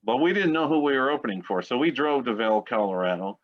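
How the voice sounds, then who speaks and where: A man's voice: mid-range voice, expressive, fast talker. A man around sixty, a guest musician, telling long rambling anecdotes in a casual interview. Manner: rambling, chatty anecdote-teller. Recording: dull lo-fi sound.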